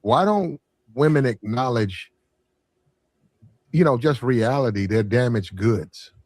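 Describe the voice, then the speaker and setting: A man in a casual podcast talk who speaks bluntly and swears freely, getting animated as he makes his points. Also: medium pitch, slow, no echo.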